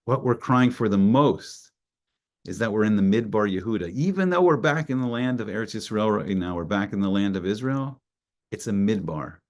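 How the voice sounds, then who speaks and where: A man's voice: on the low side, animated, moderate pace. A man giving an earnest Torah class. He reads Hebrew phrases and then translates each one into English, building emphasis through repetition. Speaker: Torah teacher.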